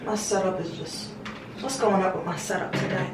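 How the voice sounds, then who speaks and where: A young woman talks briskly in a medium-pitched voice, casually vlogging from a small, echoey bathroom over a noisy background. Rambling and affectionate, she refers to her viewers as her babies, and the mic sits at a distance.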